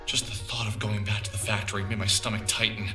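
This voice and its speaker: A weary, guilt-ridden young graduate. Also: male voice, fairly low pitch, little pitch movement, fast talker, bright, forceful tone, roomy sound, far from the mic, faint music behind. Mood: brooding. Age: young adult. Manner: tired, reluctant, brooding. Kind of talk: game dialogue and inner narration.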